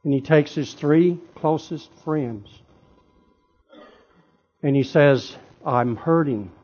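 A man preaching a sermon with drama, moving from hushed, quiet lines to loud shouting. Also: fairly high pitch, takes it slowly, highs cut off.

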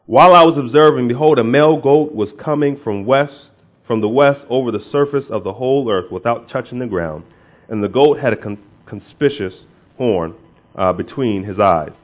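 Preaching at a normal speed in a medium-pitched voice, a male pastor moves from easy conversation into emphatic bursts. He leads prayer and reads scripture aloud, and the audio is muffled and lo-fi.

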